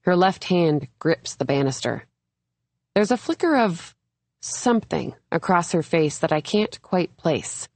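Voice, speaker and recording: A young adult woman reading a first-person thriller audiobook in a measured, even storytelling manner. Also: fairly low pitch, no room sound. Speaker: audiobook narrator. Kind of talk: scripted first-person narration.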